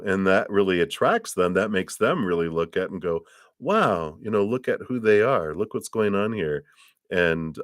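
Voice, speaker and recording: A man's voice: sits low, fairly bright tone, dry recording, clean studio sound. A man doing a live tarot reading for a viewer, talking in a loose, encouraging way full of fillers and restarts. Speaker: tarot reader.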